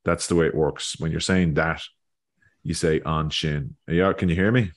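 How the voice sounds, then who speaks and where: A man's voice: rumbling low, fairly even intonation, moderate pace. A man hosting a casual language lesson over a video call, thinking aloud and repeating words as he goes. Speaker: Irish learning video host.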